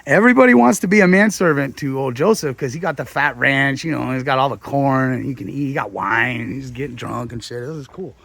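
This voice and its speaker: Gravelly, slangy storyteller man. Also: mid-range voice, fairly quick, few pauses, fairly bright tone, dry recording. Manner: loose, slangy, rambling. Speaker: hotel host telling a Bible story. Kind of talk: casual storytelling.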